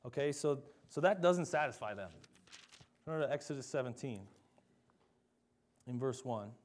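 A young man delivers a sermon in a loose, conversational way, poking fun at himself and acting out whiny complainers. His voice sits at an ordinary middle pitch. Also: lively intonation, unhurried. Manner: conversational, self-deprecating, mocks complainers with dramatic voices. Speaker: preacher.

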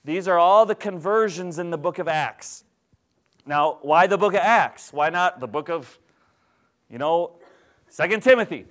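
A man preaching as pastor, teaching in a conversational, animated way and asking the congregation questions. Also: high-pitched, unhurried. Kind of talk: sermon.

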